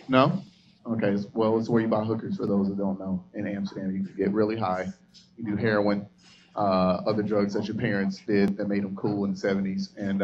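A man's voice: lowish voice, dull audio. A young man from Atlanta doing stand-up, rambling loosely and teasing the audience as he works the crowd on a club stage. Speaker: stand-up comedian.

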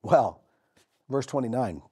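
A man preaching a sermon as pastor, telling the story with dramatic pauses and repetition. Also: medium pitch, expressive, dark tone, husky. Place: church.

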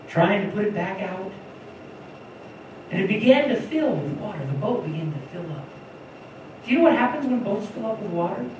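A woman preaching a sermon, telling the story in an animated way and acting out the voices of the people in it. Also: fairly high pitch. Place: church hall. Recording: echoey room from far off, faint noise.

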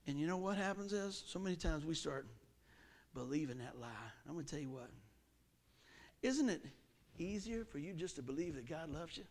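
A middle-aged man preaching a sermon in a folksy, animated way, his pitch and volume jumping often. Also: normal speed. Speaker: pastor.

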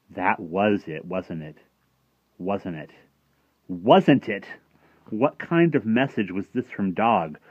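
A man giving an expressive, dramatic story reading that drops to a hush at dark moments. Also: sits low, no echo. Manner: expressive, dropping to hushed tones at dark moments. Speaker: reader. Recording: dull lo-fi dry recording.

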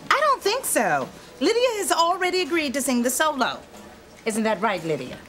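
An actress playing a bossy, dramatic high-school teacher in a TV sitcom, theatrical and whiny when she pleads. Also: huge pitch swings, moderate pace, fairly bright tone, heavily acted. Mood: haughty. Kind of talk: sitcom acting.

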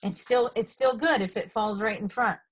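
A woman reading a picture book aloud to children, animated, asking them questions as she goes. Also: fairly high pitch, normal speed, a little hiss or hum. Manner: animated, asks the listeners questions. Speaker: storybook reader.

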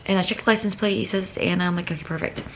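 A young woman vlogging, telling a story to camera in a chatty, rambling way, full of "like," sometimes dropping to a hushed near-whisper. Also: mid-range voice, fairly even intonation, rapid-fire, a little hiss or hum. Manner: chatty, rambling, heavy use of "like".

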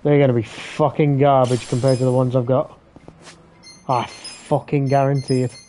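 A man commentating his own video game play on a live stream, swearing often and getting excitable. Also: mid-range voice, moderate pace, a little hiss or hum. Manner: sweary, excitable, talks to himself while playing.

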